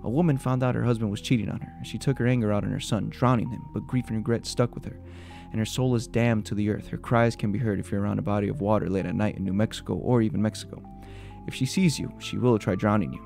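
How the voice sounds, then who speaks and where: A man with a lowish, gravelly voice and fairly even intonation hosts a video retelling urban legends. He moves quickly, jumping between spooky storytelling and joking reactions, with soft music behind him.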